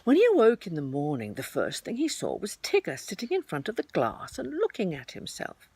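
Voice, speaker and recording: A woman reading a children's story aloud with animated storytelling. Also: fairly low pitch, brisk, breathy edge, no echo.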